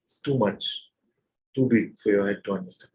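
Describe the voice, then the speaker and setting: A man leading a satsang as spiritual teacher, probing his listeners with repeated questions in a gentle, playful way. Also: lowish voice, normal speed, low-quality recording. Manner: gentle and playful, with soft laughs. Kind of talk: satsang teaching to a live group.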